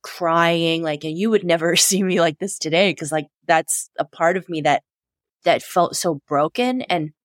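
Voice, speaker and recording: A woman in a reflective conversation, speaking in a soft, heartfelt, thoughtful way. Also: on the low side, a little slow, no room sound, studio quality.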